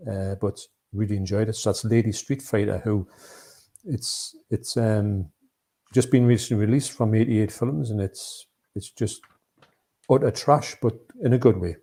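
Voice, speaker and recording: A man with a gravelly, husky, dark-toned voice chats casually on a live stream about films. He rambles a little and reads out viewer comments as he goes. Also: fairly low pitch, fairly even intonation, a little slow. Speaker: co-host of a live movie chat.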